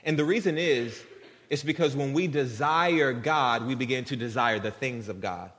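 Male guest preacher, mid-pitched, earnest conversational delivery, church hall reverb. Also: normal speed, fairly bright tone. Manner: conversational, earnest, addresses congregation directly. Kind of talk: sermon. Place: church sanctuary.

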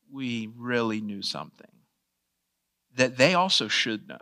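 A man's voice: mid-range voice, expressive, slow, gravelly, pauses often, pushed and bright. A man preaching a conversational sermon, asking the audience questions and laughing at his own asides. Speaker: pastor.

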